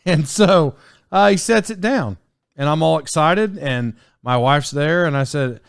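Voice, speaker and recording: A man's voice: fairly high pitch, expressive, unhurried, gravelly, smooth, dry recording, studio quality. A man in his forties telling stories on his solo podcast in a casual, rambling way, full of fillers and restarts. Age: 40s. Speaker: podcast host.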